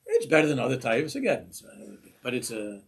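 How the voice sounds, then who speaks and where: A man giving an informal Torah class as a rabbi, lively and humorous, laughing at his own examples and mixing in Hebrew and Yiddish terms. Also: medium pitch, a little fast, vocal fry, slightly rough. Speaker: rabbi teaching a weekly class.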